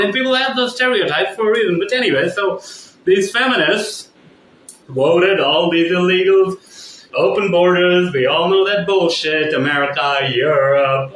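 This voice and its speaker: A high-voiced, bright and forceful man rants on his vlog, rambling and profane. His voice bounces around an echoey room with a faint hum of ambience behind it. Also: moderate pace. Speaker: vlogger. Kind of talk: casual vlog rant.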